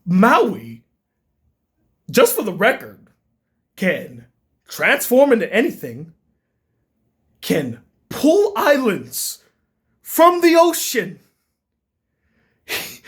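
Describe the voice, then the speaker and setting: A man giving a profane, exasperated comedic movie rant as a film critic, often bursting into shouts. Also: extremely high pitch, very animated, unhurried, pauses often.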